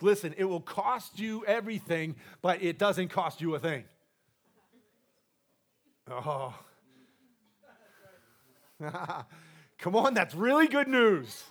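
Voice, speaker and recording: A passionate, charismatic male preacher delivers a sermon in a church sanctuary, swinging from loud exhortation to soft asides and laughing often. His high-pitched voice is expressive and unhurried.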